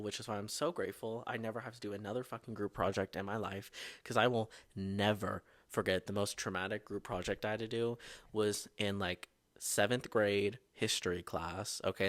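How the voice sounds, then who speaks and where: A man's voice: on the low side, no room sound, studio quality. A young man hosting a podcast, telling school stories in a sassy, overdramatic, profane way. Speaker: podcast host. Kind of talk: casual storytelling monologue.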